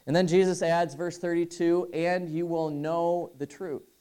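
A male pastor delivers an earnest sermon, surging up in pitch and force to drive home each point before dropping back. His voice sits a little high for a man yet sounds mellow and warm. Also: flat delivery, unhurried, clean tone. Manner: earnest, emphatic preaching with rising bursts of intensity and rhetorical questions.

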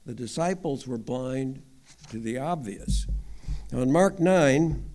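A man's voice: medium pitch, animated, slow, a little mellow. A man teaching the Bible as a layman, talking in a conversational way with wry asides. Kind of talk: informal Bible teaching talk.

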